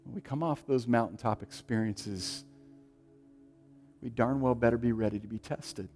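A man preaching a sermon, swinging from loud, emphatic lines to hushed, quiet ones. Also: medium pitch, moderate pace, faint music behind. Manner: dynamic, shifting from loud to hushed. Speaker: pastor.

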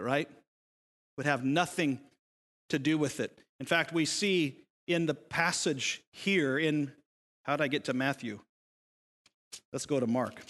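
A man's voice: sits high, a bit bright, long reverb tail. A male pastor preaching a sermon, emphatic and full of rhetorical questions.

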